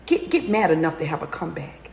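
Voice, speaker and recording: A woman coaching a women's challenge in a motivational livestream talk, urging listeners on with fiery, repetitive exhortations that climb to near-shouts. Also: low-pitched, lively intonation, quick pace, creaky. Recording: roomy echo with faint background noise.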